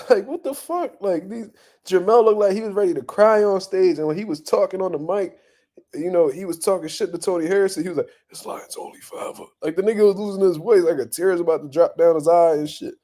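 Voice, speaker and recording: A young man hosting boxing talk, ranting bluntly and profanely in a casual, animated way and laughing often. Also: high-pitched, quick pace. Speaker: boxing commentary host.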